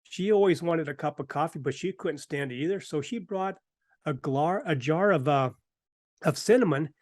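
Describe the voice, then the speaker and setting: A middle-aged man hosts a talk show and tells a workplace story in a relaxed, conversational way. He acts out the other people's lines as he goes. His voice sits a little high for a man, and the recording is close and dry. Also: normal speed, no echo. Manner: animated anecdotes with acted-out quotes. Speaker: host. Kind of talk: casual storytelling.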